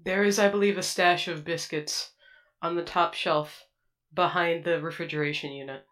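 A woman's voice: on the low side, fairly even intonation, moderate pace, fairly bright tone, lightly acted. A woman voicing a polite female droid who speaks in a stiff, formal, precise way. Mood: matter-of-fact.

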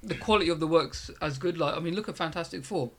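A young man rattles through anecdotes at speed. His voice is bright and a touch high. He swears freely and slips into quoted voices as he tells his stories. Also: quick pace, husky. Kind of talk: casual chat.

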